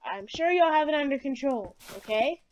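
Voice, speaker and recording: A woman giving chatty, excitable commentary while playing a game, talking back to it as she goes. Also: high-pitched, moderate pace. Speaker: let's play gamer.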